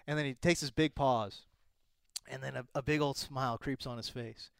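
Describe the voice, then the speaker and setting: A man's voice: mid-range voice, normal speed, gravelly, clean tone, no room sound, clean studio sound. A man co-hosting a sports podcast, telling stories in casual chat with lots of exclamations. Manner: animated storyteller, exclamatory. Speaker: podcast co-host.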